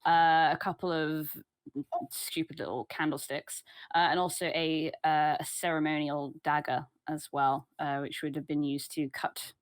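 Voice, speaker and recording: Low-voiced woman player, wry deadpan, dry close mic. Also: unhurried, dry recording. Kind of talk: playing a tabletop game.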